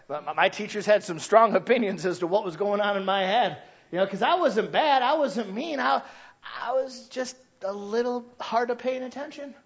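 High-voiced guy in his 30s preaching, storytelling and yelling out the parent bits, kinda muffled recording. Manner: animated storytelling, acting out parents' shouts. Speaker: pastor. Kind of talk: sermon.

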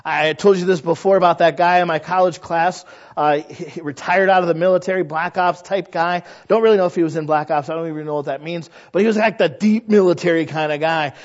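A man's voice: fairly high pitch, steady tone, brisk. A man preaching a chatty sermon as pastor, folksy and conversational. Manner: folksy, chatty, acts out quoted voices. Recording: dull lo-fi recording.

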